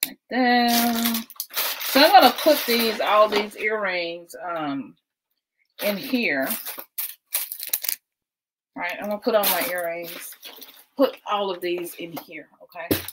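Woman, casual livestream host, chatty and laughing, ordinary middle pitch. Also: expressive, slow pace, long pauses, noisy background. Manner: chatty, keeps addressing viewers as y'all; laughs often, talks while packing. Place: at home indoors.

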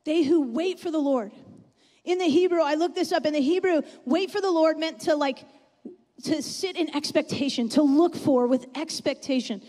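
A woman's voice: sits high, normal speed, a little mellow. A woman preaching a sermon in a church, chatty and often asking the congregation questions. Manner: conversational, asks the audience questions. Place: church sanctuary. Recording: long reverb in a church hall.

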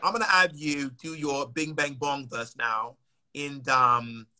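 A man's voice: mid-range voice, steady tone, slow pace, bright, forceful tone. An American man hosting a live stream over a phone, chatting casually with a guest in a blunt, teasing, playful way.

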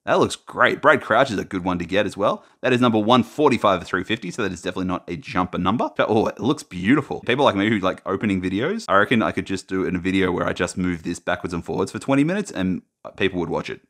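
A man commentating casually as he opens trading card packs, naming players and now and then breaking into high, excited shouts over good pulls. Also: fast talker, few pauses. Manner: excitable, talks while sorting cards, bursts into high shouts over big pulls. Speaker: card-opening YouTuber.

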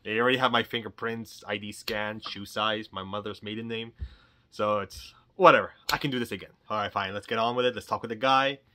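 Male toy shop vlogger, rambling and jokey, bright voice. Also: on the low side, fairly even intonation, a little fast. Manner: rambling, jokey, acts out quotes. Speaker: toy store owner and vlog host. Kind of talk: casual storytelling vlog.

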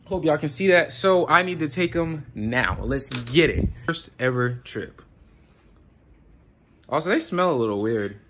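A man's voice: a little high, animated, a little slow, fairly bright tone, a little hiss or hum. Young man, vlogger, loose slangy delivery, recorded on a handheld phone indoors. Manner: loose slangy talk, keeps asking "you get what I'm saying". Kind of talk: casual vlog to camera. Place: indoors in a room at home. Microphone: handheld phone camera.

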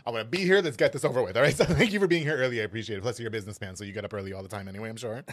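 A man hosting a podcast, talking fast and playfully, laughing often and hyping sponsors like radio ads. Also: mid-range voice. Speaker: podcast host. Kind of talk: casual podcast chat with sponsor reads.

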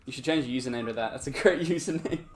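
A man's voice: medium pitch, fast talker. A man streaming a game live, chatting with viewers in a laid-back way, laughing often and humming along. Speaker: gaming streamer. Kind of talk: live gameplay commentary. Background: game music.

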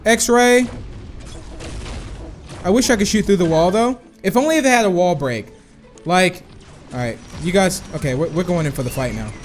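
A young man with a high, bright voice commentates his own shooter match, chatting to viewers and breaking into excited whoas and cheers. Faint music plays under him while he talks into a desk mic. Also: normal speed, long pauses. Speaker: gaming YouTuber. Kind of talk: live gameplay commentary.

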